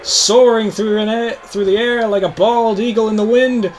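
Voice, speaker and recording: A young man hosting a video game show, giving mock wrestling play-by-play in a hyped announcer voice that climbs to shouts on big moves. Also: sits high, steady tone, measured pace. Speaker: host.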